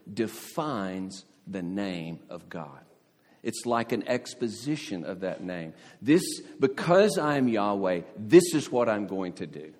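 A man preaching a sermon as pastor, telling the story with lively expression and acting out the quoted voices. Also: medium pitch, in a large hall. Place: church sanctuary.

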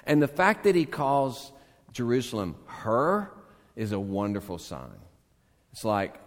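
A male pastor preaches slowly in a church sanctuary, his pitch rising and falling with lively emphasis. He moves between urgent, emphatic calls and soft, hushed lines, and a long reverb hangs behind his words. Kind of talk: sermon.

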